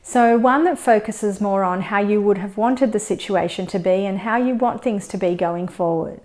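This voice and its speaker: Woman instructor, calm and steady, explains tapping points and scripts. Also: mid-range voice. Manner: calm, steady guidance, slowing down for demonstration scripts. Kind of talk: instructional demonstration.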